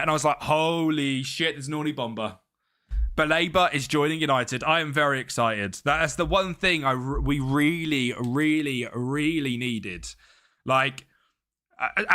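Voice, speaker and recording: Chatty young man streaming. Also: fairly high pitch. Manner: chatty, greets chat by name, excitable. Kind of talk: casual live-stream chat.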